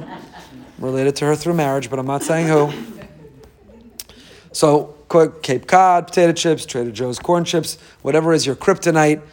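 A man's voice: a little high, a little mellow. A man giving an informal Torah talk as a religious teacher, humorous, self-deprecating and conversational, with sudden emphatic rises.

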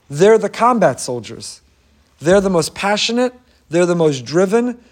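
A man's voice: fairly high pitch, a little mellow. A man preaching a passionate, emphatic sermon in English that is full of Hebrew phrases. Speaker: rabbi.

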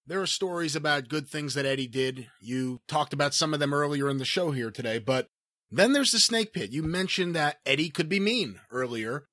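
A man hosting an interview asks long, measured questions that probe his guest. His voice sits fairly high. The recording is dry, with no room sound. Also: animated, sharp tone, no echo. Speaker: interviewer, show host.

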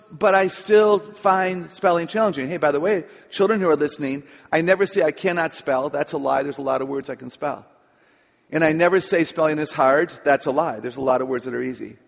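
A woman author giving a humorous talk to a live audience, chatty and playful. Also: lowish voice. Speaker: author and speaker on children. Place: large hall with audience. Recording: echoey hall, dull lo-fi sound.

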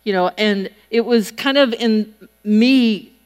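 A woman's voice: on the high side, slow, clear, resonant tone. Storytelling woman preacher in a reverberant hall. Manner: chatty, animated storytelling with acted-out voices. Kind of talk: sermon with personal stories. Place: church hall.

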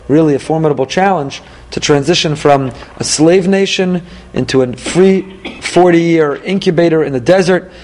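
A man, apparently middle-aged, leading a Torah class, lively and emphatic, reading Hebrew verses and paraphrasing them. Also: fairly high pitch. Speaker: rabbi teaching weekly Torah portion.

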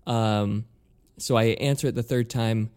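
A man's voice: lowish voice, a little slow, clear, resonant tone. A man in casual conversation, animatedly telling an exasperated story with lots of swearing and acted-out dialogue. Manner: animated, exasperated, swears a lot, acts out both sides of calls.

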